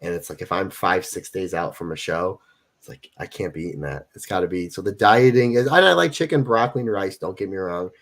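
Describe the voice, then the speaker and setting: A man in his forties with a fairly low voice speaks as an interview guest. He talks emphatically and hammers points home by repeating them. It is loose, casual conversation. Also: fairly quick, fairly bright tone. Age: 40s. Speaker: guest wrestler.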